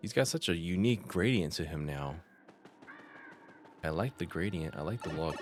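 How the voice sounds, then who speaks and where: A man's voice: deep voice, lively intonation, normal speed, long pauses, soft background music. A man commenting casually while streaming a game, chatty and reacting to chat. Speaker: gaming streamer.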